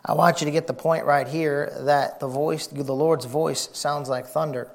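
A man preaching a folksy, excitable sermon, shouting and whispering for effect. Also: a little high, a little slow, creaky.

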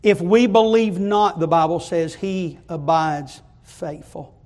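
Male preacher, high-pitched, fervent sermon delivery. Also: fairly even intonation, takes it slowly. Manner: fervent, rising to loud repeated climaxes.

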